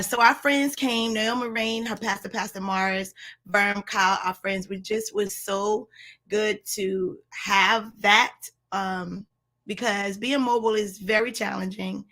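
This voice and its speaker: A woman in her thirties chatting casually to viewers on a livestream from home, pastor's wife with a loose, um-filled manner. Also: mid-range voice. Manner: chatty, warm address to viewers, frequent ums. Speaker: women's ministry leader, pastor's wife.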